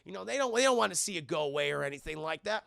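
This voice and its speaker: A young man talks through a film for his live chat, excitable and full of swearing. His voice sits high and swings widely, with a heavy gravelly fry. The sound is dry and close. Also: rapid-fire, no echo. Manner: excitable, swears often, talks to chat, bursts into loud character quotes. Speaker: film reviewer streaming to chat. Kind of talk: casual live-stream recap.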